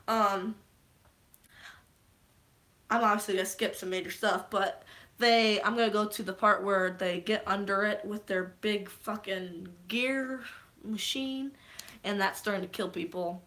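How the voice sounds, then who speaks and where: A young woman recapping a movie on a live stream, rambling and swearing freely, with sudden excited shouts. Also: mid-range voice, normal speed. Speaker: vlogger.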